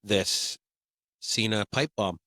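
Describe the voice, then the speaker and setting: A man's voice: on the low side, slow pace, bright, forceful tone, dry recording. A man co-hosting a podcast in casual chat, a bit sniffly from a cold, hesitant with frequent ums and restarts. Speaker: podcast co-host.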